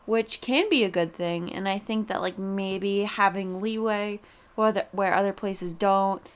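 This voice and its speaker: A woman's voice: mid-range voice, unhurried. Young female co-host, mid-range voice, easygoing musing chat with blunt asides. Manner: thoughtful, hedging, blunt at times. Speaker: podcast co-host. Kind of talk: casual chat.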